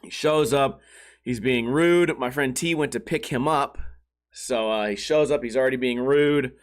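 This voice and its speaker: A man's voice: mid-range voice, moderate pace. A man hosting his own podcast, telling a long, rambling, profane story in a casual way and acting out the quoted voices. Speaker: podcast host.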